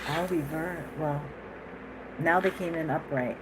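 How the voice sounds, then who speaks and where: Woman tarot reader, lowish voice, rambling and chatty, noisy recording. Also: unhurried. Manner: chatty, animated, laughs often, rambling asides. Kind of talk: casual tarot reading.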